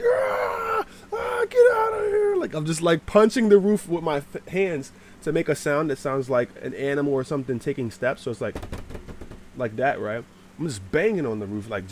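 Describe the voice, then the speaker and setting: A man telling a casual, rambling storytime to his channel, slangy, with sudden shouted bits. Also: fairly high pitch, a little hiss or hum. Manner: animated, swears, shouts out acted lines.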